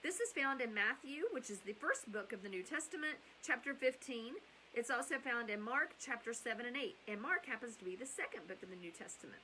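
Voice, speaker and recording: A woman's voice: fairly high pitch, lively intonation, brisk, bright, forceful tone, slight background noise, poor audio. A middle-aged woman hosting bedtime Bible stories, chatty and rambling, with asides and self-corrections. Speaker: storyteller and host.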